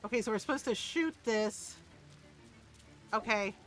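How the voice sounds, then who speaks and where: A woman's voice: a little high, a little slow, faint music behind. A woman streaming a video game, chatting casually, joking, laughing often and mimicking characters as she plays. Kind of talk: casual gameplay commentary.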